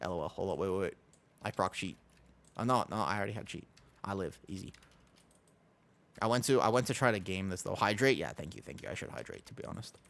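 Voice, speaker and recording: A man's voice: deep voice, fast, gravelly, pauses often. A young man streaming a video game, chatting casually and rambling to his viewers, laughing often. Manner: rambling, animated, laughs often, talks to chat. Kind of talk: casual livestream chat while gaming.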